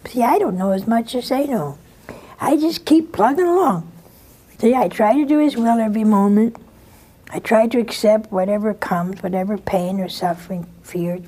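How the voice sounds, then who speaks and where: An older nun giving an informal, homey spiritual talk, telling stories with blunt asides. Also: female voice, mid-range voice, dark tone. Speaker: nun and TV host.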